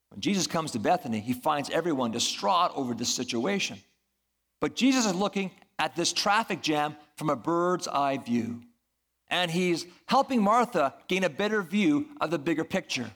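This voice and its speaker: A man's voice: fairly high pitch, creaky, fairly bright tone. A man preaching a sermon as a pastor, earnest and building to emphatic peaks.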